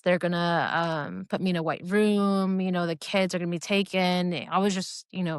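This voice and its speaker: Speaking in a fairly low, smooth voice, a woman gives her personal faith testimony as a guest. She tells it casually, in an emotional, earnest, hesitant way full of fillers and restarts. The recording is clean studio sound without echo.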